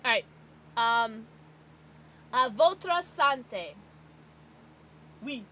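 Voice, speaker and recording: A fairly high, bright American woman's voice that jumps all over the place as she chats with her viewers. She is excitable and bubbly, and she gasps and laughs often in casual livestream talk. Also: extremely slow, slight background noise. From United States.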